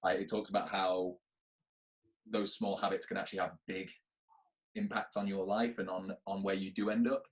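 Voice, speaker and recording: A man with a fairly low voice speaks as a podcast guest. He is earnest and reflective, and he laughs easily in casual conversation. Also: little pitch movement, normal speed, low-quality recording. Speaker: podcast guest, actor and business owner.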